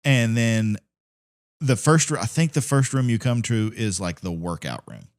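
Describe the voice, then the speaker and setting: A man's voice: on the low side, unhurried. A man co-hosting a podcast, telling stories in casual chat and swearing freely. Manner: animated storytelling, swearing, laughing often. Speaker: podcast co-host.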